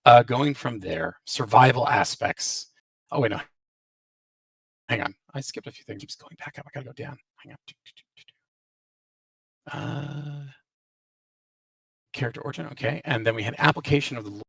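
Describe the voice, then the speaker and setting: A gravelly-voiced man hosts a loose question-and-answer session, hedging and restarting often. His voice sits a little away from the mic with a dry, robotic-sounding voice-chat quality. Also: mid-range voice, moderate pace, long pauses, a bit bright, dry recording, recorded from a distance, poor audio. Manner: hedging, many restarts and fillers. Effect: robotic glitchy audio. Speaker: game developer hosting a Q&A. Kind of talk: casual live Q&A, reading out and answering questions. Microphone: voice chat call.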